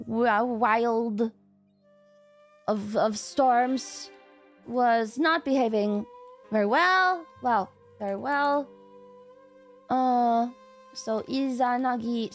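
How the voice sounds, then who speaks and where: A streamer with a fairly high voice chats casually with her viewers, swearing, laughing a lot, and yelling at chat.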